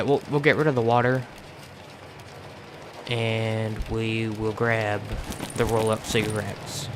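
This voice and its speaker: A man's voice: mid-range voice, noisy background. An American man hosting a gaming channel, giving chatty let's play commentary as he plays, swearing freely and restarting words. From United States.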